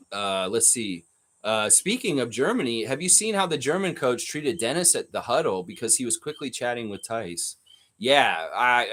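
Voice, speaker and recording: A man hosts a casual live stream and talks at a mid pitch. He rambles in an animated way, restarting his sentences and answering the chat as he goes.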